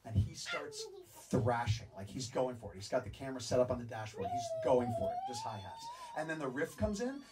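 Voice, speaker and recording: A man's voice: mid-range voice, huge pitch swings, a little fast, recorded from a distance, heavy background noise. A man telling a story to a live audience, acting out both sides of a back-and-forth conversation. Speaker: speaker telling a story on stage. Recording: stage talk from afar with audience.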